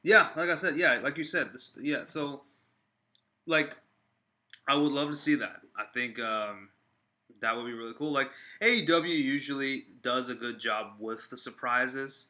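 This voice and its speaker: A man chatting casually on a live stream, rambling with many fillers and restarts and getting excited. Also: mid-range voice, unhurried. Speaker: wrestling vlogger reacting to viewer comments.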